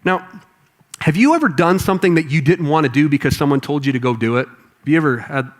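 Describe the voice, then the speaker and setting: A man preaching a sermon to a congregation in a conversational, animated way. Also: on the high side, quick pace. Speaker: pastor. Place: church auditorium with congregation.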